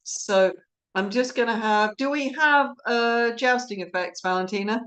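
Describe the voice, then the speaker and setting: A woman directing and hosting an online play reading, chatting casually and rambling a little, with quick laughs between thoughts. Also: a little high, fairly bright tone. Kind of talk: casual live-stream chat.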